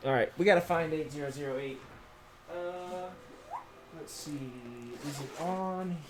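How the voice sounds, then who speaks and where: A man's voice: on the high side, measured pace, a crowd in the background. A young man chatting casually on a livestream while building a keyboard, answering viewers in laid-back, slangy banter full of swearing.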